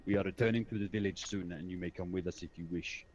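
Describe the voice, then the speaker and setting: A man's voice: sits low, steady tone, fast, darkish tone, dull audio, close to an everyday voice. A man doing a stern formal bear warrior. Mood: calm, commanding. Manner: stiff formal speech without contractions.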